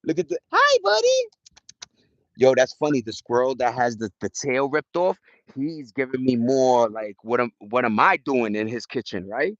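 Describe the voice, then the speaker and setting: A man's voice: medium pitch, moderate pace, no echo, highs cut off. A man hosting a casual livestream outdoors, chatting loosely with viewers in slang. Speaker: livestream host. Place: outdoors in a park.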